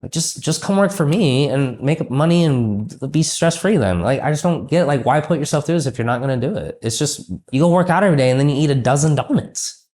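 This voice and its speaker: A man's voice: on the high side, animated, fairly quick, darkish tone. Blunt, profane male business coach.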